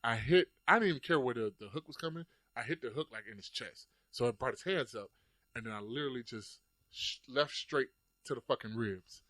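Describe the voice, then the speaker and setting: A man's voice: mid-range voice, a little fast, dry recording. Guy telling gym stories, cusses a lot, acts out what he said, dry close sound. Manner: animated storytelling, acts out his own past lines, swears often. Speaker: host. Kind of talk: casual chat.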